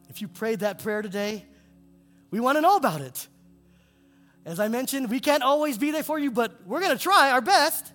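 A male pastor preaching in a church, his delivery swinging between soaring emphatic peaks and hushed low lines. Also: expressive, moderate pace. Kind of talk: sermon with altar call. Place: church sanctuary. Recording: long hall reverb with faint music.

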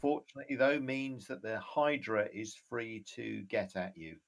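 A man's voice: on the low side, moderate pace, creaky. A man acting as game master, directing the players and narrating the scene. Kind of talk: running a tabletop game.

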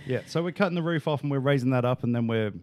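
A man chatting casually as a vlogger, teasing and joking in a relaxed way. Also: medium pitch, racing, dry recording. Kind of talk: casual chat.

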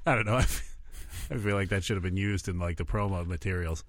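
A man's voice: low voice, quick pace. A man co-hosting a podcast, tossing out wry one-liners in casual comedic banter. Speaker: podcast co-host.

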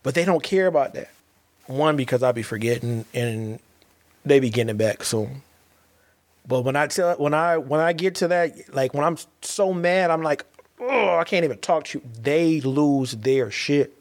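An earnest man speaks as a father in a heartfelt monologue, with a mid-pitched voice. He keeps circling back and restarting phrases, pressing his points with emphasis. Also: normal speed.

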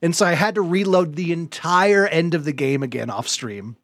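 A man hosting a podcast, telling a story in lively casual chat, laughing often and swearing now and then. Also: on the high side, moderate pace, dry recording, clean studio sound. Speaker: podcast host.

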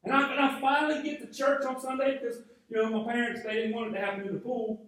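A man's voice: very high voice, level tone, fast talker, a bit bright. A male pastor telling a personal story in a conversational sermon, often restarting his phrases, from North Georgia. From North Georgia, USA. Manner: conversational storytelling with frequent repeated starts. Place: large church sanctuary. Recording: very echoey hall, voice from a distance.

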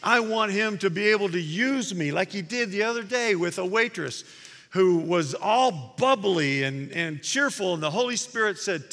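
A man's voice: high-pitched, expressive, normal speed, fairly bright tone. A man preaching a sermon in a conversational way, animatedly retelling stories to his congregation. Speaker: pastor. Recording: long hall reverb.

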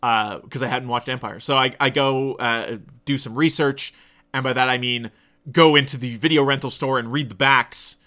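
A man's voice: medium pitch, steady tone, normal speed, pushed and bright. A man in his thirties telling a casual, profane, digressive story about his past. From Canada. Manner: profane, digressive, self-deprecating. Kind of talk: casual rambling anecdote.

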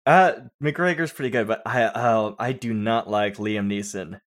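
Animated joking man on a podcast. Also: fairly low pitch, measured pace. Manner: jokey, animated storytelling with put-on voices. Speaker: podcast co-host. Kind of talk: casual movie commentary podcast.

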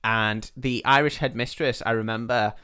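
A man's voice: mid-range voice, steady tone, moderate pace, sharp tone, smooth. A man co-hosting a podcast, chatting casually and retelling a film with lots of laughter. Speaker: podcast co-host. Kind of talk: casual chat.

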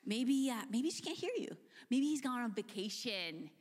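A woman's voice: on the high side, slightly rough, voice pushed up. Woman playing a chill confident prophet guy, teasing, echoey hall. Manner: calm, taunting, measured. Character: bold, quietly confident male prophet. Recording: long hall reverb.

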